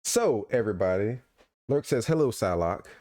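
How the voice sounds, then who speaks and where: A man's voice: on the low side, animated, moderate pace, a little mellow. A man hosting a casual podcast livestream from home, playful and teasing, laughing often. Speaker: podcast host.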